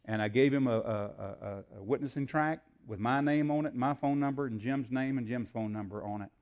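A preacher man tells a story from the pulpit in an easy, folksy drawl. He slips into the voices of the people in his tale and fills pauses with "uh". His voice sits at a middle pitch. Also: darkish tone. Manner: folksy storyteller, acts out dialogue, frequent fillers. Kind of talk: sermon storytelling.

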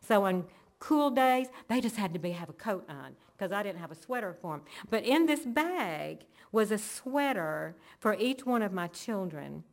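A woman's voice: medium pitch, animated, normal speed. A woman telling an earnest, emotional personal faith testimony, linking events one after another. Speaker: church member giving testimony.

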